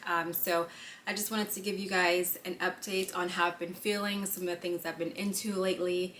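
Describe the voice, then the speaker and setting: A young woman chatting casually in a pregnancy update vlog, with lots of fillers and quick asides and a slightly breathless delivery. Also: on the low side, bright, forceful tone, a little hiss or hum. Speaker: vlogger. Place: indoors on a lunch break.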